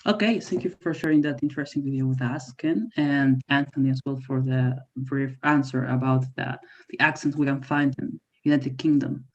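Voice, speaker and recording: A woman's voice: rumbling low, fairly even intonation, normal speed. A woman moderating a language exchange, announcing each question in an orderly way over a video call. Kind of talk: event moderation. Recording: muffled video call audio.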